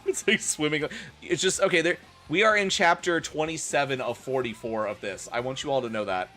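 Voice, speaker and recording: A man's voice: fairly high pitch, a little fast, bright, forceful tone. A man streaming a comedic dramatic reading, with sarcastic, swearing, laughing asides. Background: faint rock music.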